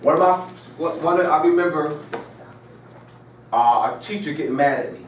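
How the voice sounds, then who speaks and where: A man's voice: on the high side, moderate pace, slight background noise. A man giving a classroom lecture with call and response, emphatic and repetitive, firing rhetorical questions and telling chatty stories. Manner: chatty storytelling asides. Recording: echoey room, mic far off.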